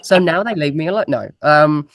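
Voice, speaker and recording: A woman's voice: deep voice, animated, fairly quick. Chatty laughing Englishwoman on a laptop mic. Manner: chatty, laughing, self-deprecating. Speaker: guest musician. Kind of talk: casual interview chat. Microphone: laptop mic on a video call.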